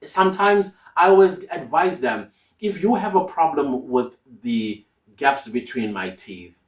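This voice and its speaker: A man's voice: medium pitch, lively intonation, measured pace. A man giving emphatic, repetitive motivational advice to fellow content creators. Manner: emphatic, repeats key phrases. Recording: roomy sound from a distance.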